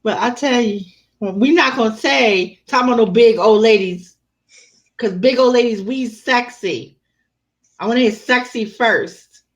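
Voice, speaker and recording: A woman telling personal stories in casual chat, animated and laughing often, swearing freely. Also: a little high, a little slow.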